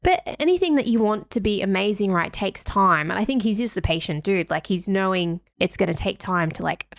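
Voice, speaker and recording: A woman's voice: mid-range voice, lively intonation, fairly quick, creaky, dry recording. A woman co-hosting a podcast, talking in chatty, filler-heavy casual conversation with a giggly edge. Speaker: podcast co-host.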